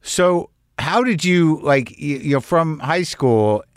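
A man's voice: fairly high pitch, animated, takes it slowly, no room sound, clean studio sound. A man interviewer asking casual, probing questions and often saying "you know". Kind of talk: conversational interview.

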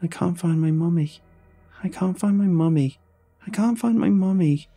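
A man's voice: high-pitched, normal speed, creaky, mellow, soft background music, voice pushed up. A man voicing a lost ghostly little girl of about eight who keeps calling for her mother in a small, faint voice. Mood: plaintive. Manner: plaintive, repeating the same words.

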